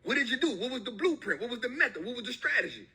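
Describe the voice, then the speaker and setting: A man's voice: extremely high pitch, big pitch swings, very fast, sharp tone, slightly rough. A man giving an emphatic motivational talk, repeating his points in slangy street talk. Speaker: motivational speaker.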